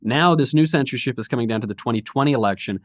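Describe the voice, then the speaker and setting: A man co-hosting a podcast, putting questions to his guest and teasing with quick banter. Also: medium pitch, no echo, clean studio sound. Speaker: podcast co-host. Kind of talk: casual chat, interviewing.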